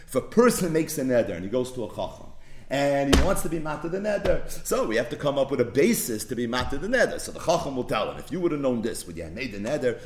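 A man teaching Talmud in peppered with Hebrew and Yiddish, telling the story with animated delivery. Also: mid-range voice, fast talker. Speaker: Torah teacher. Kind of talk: Talmud lecture.

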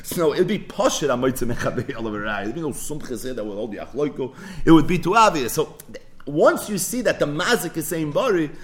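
Animated fast-talking man teaching Talmud. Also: on the high side. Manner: animated, rhetorical questions, mixes Yiddish and Hebrew terms. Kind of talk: daf yomi Talmud lecture.

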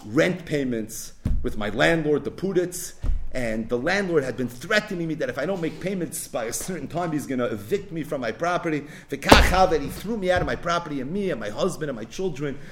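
A male teacher voicing a poor evicted mother who pleads for help, in his own everyday voice and a hurried, pleading manner. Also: fairly high pitch, lively intonation, a little hiss or hum, lightly acted.

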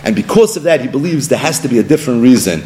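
A man giving a Torah lesson in an animated way, acting out the people he quotes and weaving in Hebrew and Aramaic terms. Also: mid-range voice, very fast, slight background noise. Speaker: Torah teacher.

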